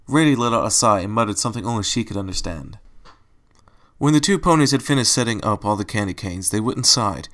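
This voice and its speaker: A man reading fan fiction aloud as a storybook narrator, plain and calm, with small slips. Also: lowish voice, quick pace.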